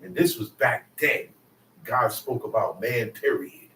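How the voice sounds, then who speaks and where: A man preaching a sermon in a casual, conversational way, now and then rising to shouts for emphasis. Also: mid-range voice, measured pace. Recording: roomy, mic at a distance.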